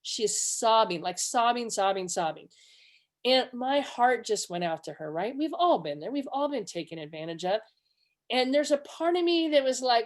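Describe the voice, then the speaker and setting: A middle-aged woman presenting a webinar, teaching conversationally with personal stories and acting out quoted dialogue. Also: normal speed. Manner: earnest, acts out quoted dialogue with lively pitch jumps.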